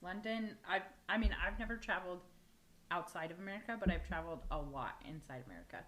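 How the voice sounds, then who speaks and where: A woman's voice: on the low side, lively intonation, quick pace, a bit bright. Easygoing woman hosting a podcast. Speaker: podcast host. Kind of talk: casual chat.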